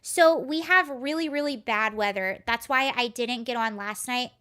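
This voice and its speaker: A woman with a high voice talks casually on her live stream. She rambles through a story, breaks off to answer comments, and speaks into a computer mic at home. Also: moderate pace, sharp tone. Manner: chatty, rambling, reads chat aloud. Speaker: livestream host.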